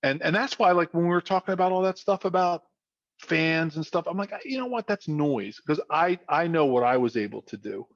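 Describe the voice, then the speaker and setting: Guest: Philly-accented man in his 50s, lively storyteller, lo-fi dry sound. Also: a little high, brisk, no echo. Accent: Philadelphia. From South Philadelphia. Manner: animated storyteller, frequent restarts and repetitions. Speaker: guest, former football player. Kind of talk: casual chat.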